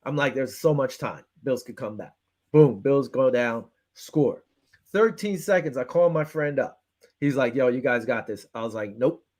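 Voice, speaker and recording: A fired-up, frustrated man hosts a casual sports talk show, breaking down a game by acting out his own phone calls. His medium-pitched voice moves at normal speed with a Western New York accent. He's animated and rants, retelling the calls as quoted back-and-forth.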